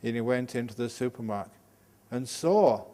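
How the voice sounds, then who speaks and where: An older man gives a Dhamma talk as a Buddhist monk, with a mid-range voice. He teaches in a lively, joking way, sprinkling his talk with humor and examples. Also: mid-range voice, moderate pace. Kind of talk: Dhamma talk at a day retreat.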